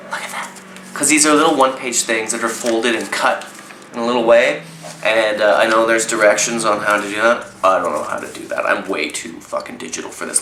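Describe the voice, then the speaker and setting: A man's voice: mid-range voice, sharp tone, roomy sound, slight background noise, low-quality recording. A man with a Canadian accent reviewing zines in an enthusiastic, chatty vlog, swearing casually now and then. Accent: Canadian English. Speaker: zine reviewer.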